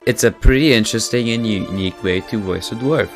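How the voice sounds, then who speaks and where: A man narrating a scripted explainer for a school project, deliberate and wry, with playful pauses. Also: lowish voice, over music. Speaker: student presenter.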